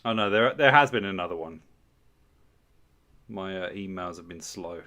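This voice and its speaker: A man's voice: low voice, normal speed, sharp tone. A man hosting a casual livestream, bantering with chat in a crude, swearing, mock-outraged way. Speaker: livestream host.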